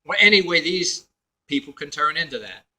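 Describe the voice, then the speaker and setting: Man, somewhat high, sharp and forceful tone, rambling vlog storyteller who keeps restarting his sentences. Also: lively intonation, normal speed, low-quality recording. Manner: meandering, full of fillers and restarts, acts out others' lines. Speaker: video blogger. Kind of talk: rambling personal story to camera.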